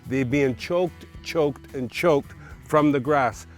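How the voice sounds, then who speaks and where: A man's voice: medium pitch, slow, faint music behind. A middle-aged man giving a chatty, enthusiastic homeowner testimonial outdoors in his yard. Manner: chatty and enthusiastic, repeats "I tell you what". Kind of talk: casual promotional testimonial.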